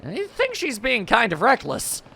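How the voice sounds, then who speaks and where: A man's voice: very high-pitched, wildly swooping pitch, a little slow, gravelly, pushed and bright, slightly rough. A man giving joking, wry commentary while playing a video game. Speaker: gaming channel host. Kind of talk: let's play commentary.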